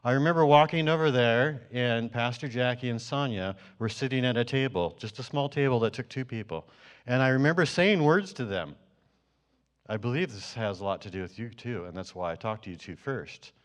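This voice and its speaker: Guy telling his church about a dream, lots of ums and restarts, mid-pitched voice. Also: expressive, brisk. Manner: storytelling, many fillers and restarts. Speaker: church member sharing a dream. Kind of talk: testimony to a congregation.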